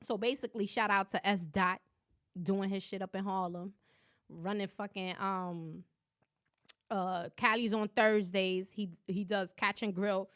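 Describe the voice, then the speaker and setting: A young woman hosting a podcast, loud and profane, laughing often in casual chat. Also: medium pitch, fairly even intonation, a little slow, clean tone. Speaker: podcast host.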